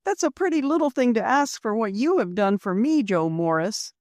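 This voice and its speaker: A spirited young shop girl from an old storybook, put on by a woman reading aloud. Her voice sits high and bright, with a breathless, rising lilt. It is a dry, close recording. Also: animated, normal speed, dry recording, close to an everyday voice. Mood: eager.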